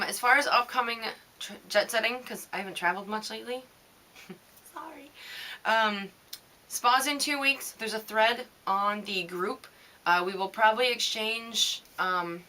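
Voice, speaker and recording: A young woman hosting her knitting video blog, chatting in a loose, rambling way with many pauses and little laughs. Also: a little high, pushed and bright. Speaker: knitting vidcast host. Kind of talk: rambling casual vlog chat.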